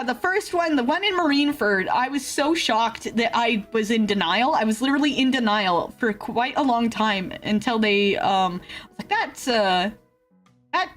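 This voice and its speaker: A woman streamer chatting casually with viewers, rambling with fillers and laughs and swinging between excited yelps and low grumbles. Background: faint background music.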